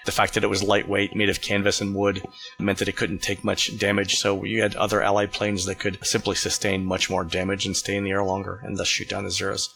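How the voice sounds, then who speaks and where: A man hosting a casual talk show, explaining things in a relaxed way with fillers and restarts. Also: low-pitched, fairly quick, creaky. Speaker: podcast host.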